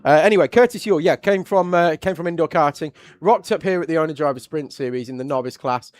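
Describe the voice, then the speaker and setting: A man with an English accent doing live motorsport commentary, chatty and quick to react loudly when something happens on track. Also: a little high, no room sound. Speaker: race commentator.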